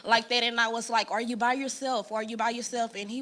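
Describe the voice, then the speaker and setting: Earnest bright-voiced woman telling her story. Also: a little high, quick pace, a little hiss or hum. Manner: earnest storytelling, quotes people in lively voices. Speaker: guest sharing testimony. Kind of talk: casual church talk, personal story.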